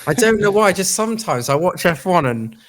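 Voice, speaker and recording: A man's voice: high voice, sing-song, a little fast, a bit bright. A man co-hosting a live stream, casually chatting about a race and greeting viewers. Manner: easygoing, chats with viewers. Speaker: stream co-host. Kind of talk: casual live race watch-along chat.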